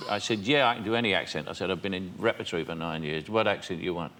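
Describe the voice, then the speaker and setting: The older guest talks fast in a deep voice, hardly pausing, over heavy background noise. Telling his stories on the talk show, he performs the quoted dialogue and laughs a lot.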